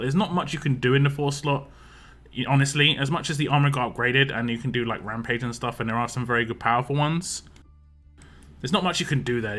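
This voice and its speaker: A British man streaming a game and chatting with viewers. His voice is bright and forward, and he rambles easily, full of "like" and "you know". He often restarts mid-sentence. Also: medium pitch. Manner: rambling, answers chat questions, frequent fillers and restarts. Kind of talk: casual live-stream commentary.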